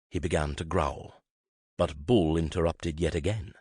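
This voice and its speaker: A man reading a romance novel aloud as audiobook narrator, expressive and shifting into character voices. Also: rumbling low, measured pace, breathy edge, no echo, clean studio sound.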